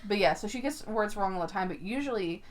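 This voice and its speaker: A woman's voice: mid-range voice, fast talker. A young woman co-hosting a casual podcast, telling stories with lots of swearing and laughter. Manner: animated storytelling, swears freely, laughs often. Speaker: podcast co-host. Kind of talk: casual chat. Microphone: podcast microphone.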